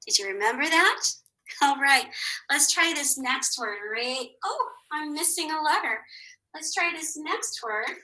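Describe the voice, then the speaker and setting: A woman teaching a phonics lesson to young children, patient and encouraging, sounding out words slowly. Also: sits high, lively intonation, pushed and bright, poor audio.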